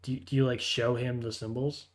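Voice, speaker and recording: A man's voice: medium pitch, flat delivery, a little fast. A man narrating a tabletop game as game master, hesitant, with frequent fillers and restarts.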